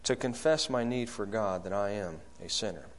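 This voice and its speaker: A man preaching a sermon, asking the congregation questions and swinging from loud, high calls to low, soft lines. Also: moderate pace. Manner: rises loud and high when acting out quoted prayers, drops low and soft on key lines.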